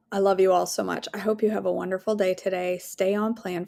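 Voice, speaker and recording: A woman's voice: medium pitch, little pitch movement, brisk, creaky, few pauses. A woman hosting a daily devotional, talking earnestly and casually and leading a prayer from home. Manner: warm, earnest, conversational, with fillers and asides.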